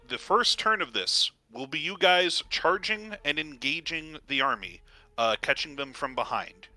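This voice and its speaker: A man's voice: fairly high pitch, sharp tone, dry recording. A man acting as game master, explaining the rules to his players in a loose, conversational way with many "uh" fillers.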